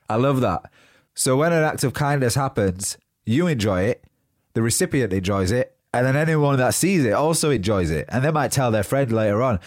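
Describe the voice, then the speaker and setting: A man's voice: medium pitch, expressive, brisk, no echo, clean studio sound. A young man hosting a motivational podcast with a badly blocked nose, sounding nasal and short of breath but upbeat and encouraging. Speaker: podcast host. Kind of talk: solo motivational podcast talk.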